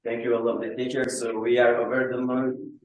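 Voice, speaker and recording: A man's voice: mid-range voice, little pitch movement, a little fast, a little hiss or hum. A man from Madagascar, a student, politely and hesitantly asking a teacher for advice. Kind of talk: asking a question at a Q&A. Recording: far from mic in a very echoey room.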